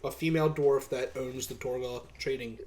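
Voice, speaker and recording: A man's voice: medium pitch, steady tone, moderate pace, a little mellow. A man running a tabletop role-playing game as game master, narrating in a hesitant way with many fillers.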